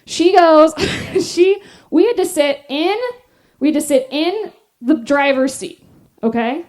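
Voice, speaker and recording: A woman stand-up comedian telling a story on stage, animated and self-deprecating, laughing often. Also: high-pitched, slow pace. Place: live stage.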